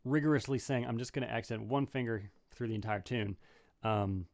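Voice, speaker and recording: Gravelly-voiced man teaching banjo live. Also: medium pitch. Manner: casual, thinking aloud, many fillers and restarts. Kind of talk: livestream Q&A lesson. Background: banjo playing between phrases.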